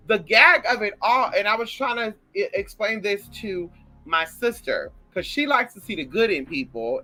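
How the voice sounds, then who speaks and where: A woman ranting casually and profanely to her viewers, brash and animated, calling them girl. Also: on the low side, dry recording, poor audio. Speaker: vlogger. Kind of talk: casual rant to camera.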